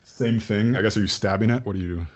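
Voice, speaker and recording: Low-voiced man running a tabletop game. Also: fast talker, darkish tone. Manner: loose, rambling descriptions full of fillers. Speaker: game master.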